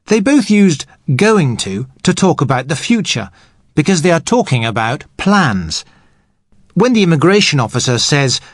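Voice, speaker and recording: A man speaking as an English teacher, explaining grammar patiently and clearly for learners. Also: fairly high pitch, dry recording, studio quality.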